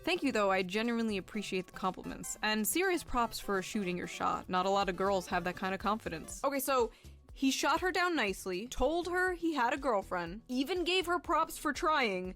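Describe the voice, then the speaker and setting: A woman's voice: fairly high pitch, very animated, normal speed, a bit bright, soft background music. A woman reading out text messages and commenting on them with a dry, sarcastic delivery. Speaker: reaction video creator.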